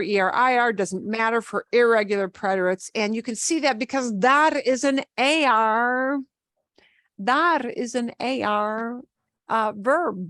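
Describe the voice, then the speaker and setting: Slow, patient woman teaching a class. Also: on the high side, fairly bright tone, dry recording. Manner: explains patiently, casual and repetitive, spells words letter by letter. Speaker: Spanish teacher. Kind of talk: online class lecture.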